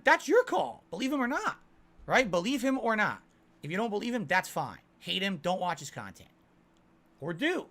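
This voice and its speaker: Bright high-voiced man chatting to viewers. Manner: defensive, talks to chat with frequent "right?". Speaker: streamer answering chat. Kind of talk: casual livestream chat.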